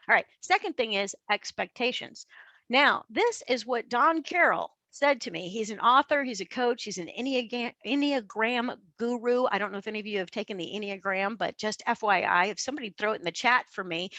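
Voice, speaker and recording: A woman coach giving a keynote to an online conference, with energetic, conversational delivery. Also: a little high, no echo. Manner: energetic, conversational, acts out voices.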